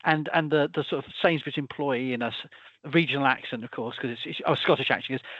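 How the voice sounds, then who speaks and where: A man's voice: fairly high pitch, lively intonation, fast talker, no echo, muffled recording. Chatty British man, rambling restarts. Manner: rambling, stammering restarts, chuckling asides. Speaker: host. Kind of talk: casual conversation.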